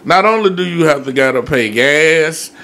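Man with a North Carolina accent, slightly high voice, profane casual storyteller. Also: animated, moderate pace, pushed and bright. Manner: profane, repetitive for emphasis. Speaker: podcast co-host.

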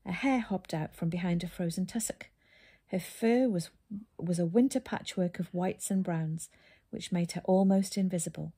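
A woman narrating a children's book in a steady storytelling manner. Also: on the low side, normal speed, breathy edge.

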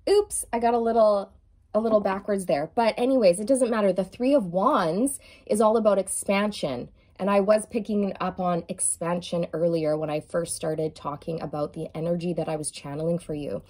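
A woman doing an effusive, emphatic tarot reading, stretching out key words and now and then singing a lyric softly. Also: medium pitch, normal speed. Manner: sings song lyrics softly at times. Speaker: tarot reader.

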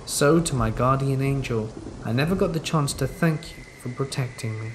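A man reading scary stories aloud in a measured, steady scripted narration. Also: medium pitch, slight background noise, rough recording. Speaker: horror story narrator. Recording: rain sounds under the narration. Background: rain.

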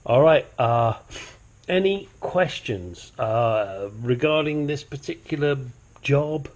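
A man's voice: mid-range voice, lively intonation, slow, a little mellow. A man hosting a home mechanic channel, chatting casually through a brake and control arm job, swearing now and then and wandering into asides. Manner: puts on a silly accent at times. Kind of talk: casual how-to narration while working.

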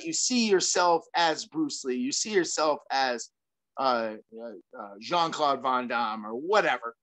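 A middle-aged former fighter talks through his ideas as an interview guest. He is energetic and rambling, restarting sentences, piling up fillers and swearing casually. His voice sits a bit high for a man. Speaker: guest, former fighter and self-defense trainer.

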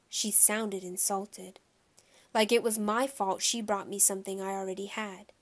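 Woman narrator for a children's audiobook, lively and expressive. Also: medium pitch, unhurried.

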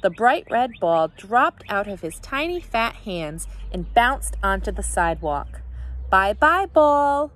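A woman, a teacher, reading a children's picture book aloud with expressive, animated storytelling. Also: medium pitch, a little slow, few pauses.

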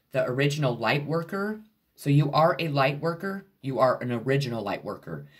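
A man doing a casual tarot reading, talking straight to the viewer in a blunt, loose way. His pitch sits in an ordinary middle range, and he swears freely as he goes. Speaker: tarot reader. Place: at home.

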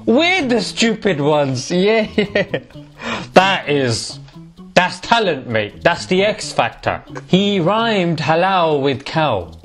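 A man's voice: high voice, very animated, takes it slowly, a bit bright, soft background music. A man hosting a casual, mocking commentary on hate comments, tossing in "mate" again and again. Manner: sarcastic, mocking, peppers speech with "mate". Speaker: YouTube host.

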